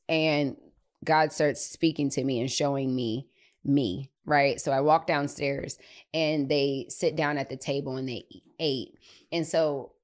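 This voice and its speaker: A woman hosting a podcast, telling a personal story in a chatty, animated way with lots of filler words. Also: low voice. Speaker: podcast host. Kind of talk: casual storytelling.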